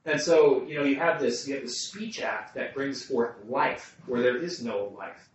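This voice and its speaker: A man's voice: mid-range voice, lively intonation, normal speed, slight background noise. A man leading a group Bible study, thinking aloud with restarts and putting questions to the people around him. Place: room with a small group. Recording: muffled, echoey room, mic far off.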